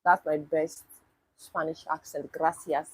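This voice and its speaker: A woman's voice: lowish voice, lively intonation, slow pace, a little mellow, breathy edge, rough recording. A woman from Nigeria, chatting casually on a livestream and answering viewers' questions with wry disbelief. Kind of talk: casual livestream chat reading comments.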